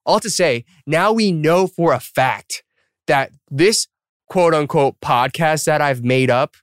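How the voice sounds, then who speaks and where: A man's voice: on the high side, takes it slowly, dry recording. Easygoing male podcast host, dry sound. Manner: chatty, laughs often, shifts into quoted voices. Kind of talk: casual storytelling chat.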